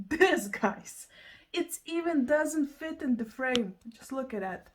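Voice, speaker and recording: A young woman with a high, bright-pitched voice talks straight to her viewers in a casual vlog. She is excitable and laughs often, exclaiming as she goes. She is from Lithuania, with Lithuanian as her first language. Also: takes it slowly, slight background noise. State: out of breath. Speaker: vlogger. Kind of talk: casual vlog chat to camera.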